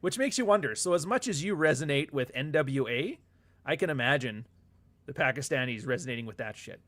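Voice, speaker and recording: A man's voice: medium pitch, animated, a little fast, fairly bright tone. A man hosting a casual livestream chat, rambling and profane, reading viewer comments aloud and often laughing. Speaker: author and livestream host.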